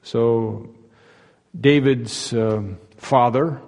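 A man preaching a sermon, telling the story in a folksy, humorous way with many fillers and pauses. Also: mid-range voice, darkish tone, big-room sound. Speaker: pastor.

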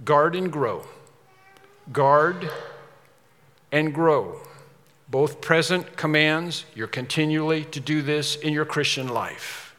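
A male pastor preaches in a church sanctuary. His voice is bright, forceful and slightly high, and he drives his point home by repeating key words. A long hall reverb trails after every phrase. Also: expressive, measured pace. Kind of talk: expository sermon.

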